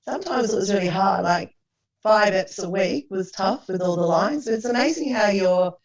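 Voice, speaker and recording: A woman's voice: mid-range voice, animated, normal speed, reverberant. A woman recalling her years as an actress in an enthusiastic, easygoing interview. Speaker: actress guest. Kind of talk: casual interview reminiscing. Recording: dull lo-fi sound.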